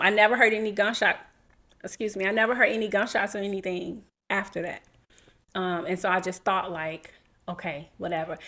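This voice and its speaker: Woman, thirties, podcast co-host, casual storytelling, animated, acts out quotes. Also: medium pitch. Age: 30s. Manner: animated, acts out quotes, laughs while telling.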